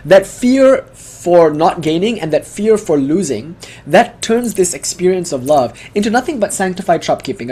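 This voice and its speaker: Man, husky voice, casual lecture, animated and digressive. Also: fairly high pitch. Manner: animated, digressive, many fillers and restarts. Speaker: speaker giving a devotional talk.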